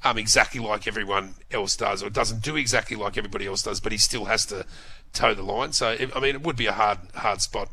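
Bright-voiced Australian male co-host. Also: lowish voice, fast talker, rough recording. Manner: rambling, chatty asides. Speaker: radio co-host. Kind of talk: casual radio banter.

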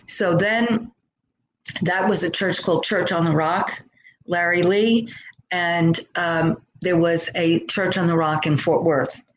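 A woman's voice: lowish voice, fairly even intonation, slow pace, a little hiss or hum, poor audio. A middle-aged woman, a podcast guest, tells her life story earnestly and thoughtfully, sometimes acting out the voices of people she quotes. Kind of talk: conversational storytelling.

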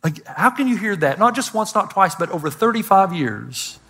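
A bright-toned older man preaches with a fairly high voice. He tells stories animatedly to a church congregation, with quick asides and self-deprecating humor. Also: big pitch swings, slightly rough. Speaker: pastor. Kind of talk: sermon. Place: church stage before a congregation.

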